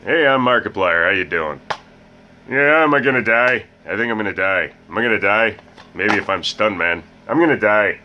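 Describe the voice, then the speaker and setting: A man doing an impression of an excited video creator, shouting in a raised voice about dying. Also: low voice, normal speed, hardly any pauses. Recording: muffled with loud background hiss.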